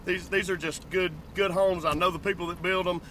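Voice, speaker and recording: A man's voice: high voice, steady tone, brisk, slight background noise. A man from Georgia with a Southern accent, chatting folksily outdoors about hauling homes. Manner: folksy, talkative, laughs loudly. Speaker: home hauler. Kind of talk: casual chat. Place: outdoors at a tiny home lot.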